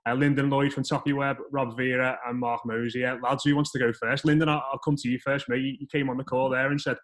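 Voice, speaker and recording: A man's voice: mid-range voice, level tone, fast talker, fairly bright tone. A man hosting a casual football podcast over a call, upbeat, with a few restarts. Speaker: podcast host.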